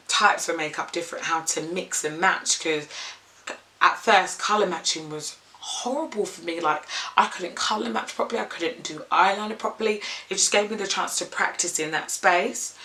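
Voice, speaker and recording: A woman's voice: lowish voice, bright, forceful tone. A young woman and makeup artist, rambling candidly in an unscripted vlog and swearing freely.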